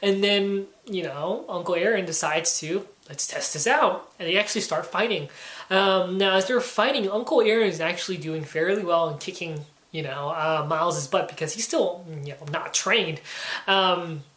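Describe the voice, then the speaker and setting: A woman talks through a comic book review in a loose, rambling way, her speech full of "you know" and "um". Her voice sits a little low, and it rings in a roomy, echoey space. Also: moderate pace, fairly bright tone. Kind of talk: casual spoken review.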